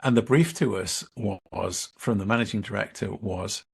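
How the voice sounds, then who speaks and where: A middle-aged man, a leadership coach and interview guest, telling a workshop story in a measured way and acting out the dialogue. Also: lowish voice, gravelly, husky.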